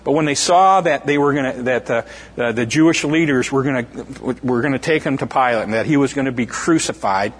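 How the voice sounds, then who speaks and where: A man's voice: mid-range voice, fairly quick, big-room sound. A man preaching an informal sermon, retelling scripture in a conversational way with fillers and restarts, acting out the quoted voices.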